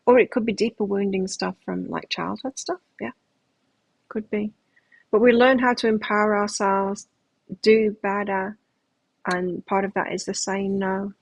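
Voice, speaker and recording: A middle-aged woman gives a live tarot reading, speaking reflectively in a self-help style and restarting often. Her mid-range voice is steady and measured, with vocal fry, and the recording is dry and rough.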